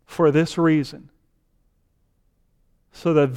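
A man preaching a sermon, speaking deliberately and building to fervent emphasis. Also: fairly high pitch, steady tone, a little mellow, smooth. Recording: long hall reverb.

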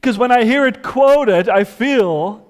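Impassioned high-voiced male preacher. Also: lively intonation, takes it slowly, in a large hall. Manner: impassioned, swings from hushed to loud cries. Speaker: pastor. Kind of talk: sermon.

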